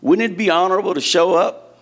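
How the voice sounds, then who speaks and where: A man's voice: sits high, fairly quick. A man preaching a sermon in a church, talking conversationally and asking the congregation questions. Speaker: church teacher.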